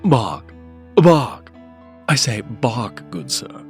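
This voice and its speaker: A man doing an exaggerated, deliberately bad mock British accent as a pompous old-fashioned gentleman barking like a dog. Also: medium pitch, sing-song, faint music behind, pitched above the performer's own voice. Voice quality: exaggerated, over-the-top.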